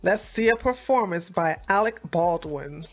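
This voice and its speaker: A woman hosting a reaction commentary, talking in a sassy, mocking, animated way. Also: lowish voice, measured pace, soft background music. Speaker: commentary host.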